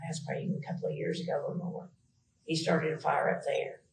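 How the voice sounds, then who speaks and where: A woman's voice: deep voice, level tone, quick pace, gravelly, roomy sound, a little hiss or hum, rough recording. A woman with a Southern US accent, answering questions in a police interview, rambling and hesitant with many fillers.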